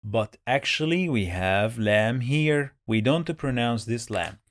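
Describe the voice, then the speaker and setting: A male teacher giving a beginners' reading lesson at a very unhurried pace, with a mid-range voice. He breaks words into syllables and repeats each sound patiently so learners can follow along. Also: medium pitch, lively intonation, no room sound.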